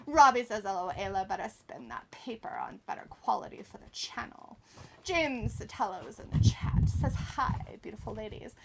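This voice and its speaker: A woman's voice: medium pitch, lively intonation, normal speed, vocal fry, very noisy. A woman hosting a wrestling watch-along stream, commenting playfully, teasing people and calling them darling. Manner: teasing, calls people darling, giggly asides. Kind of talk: playful live commentary and chat reading.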